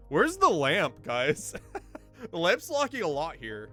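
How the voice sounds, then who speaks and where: A man casually commentating a video game race for his chat, excitable and laughing often, with sudden bursts of loud disbelief. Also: high voice, unhurried, faint music behind.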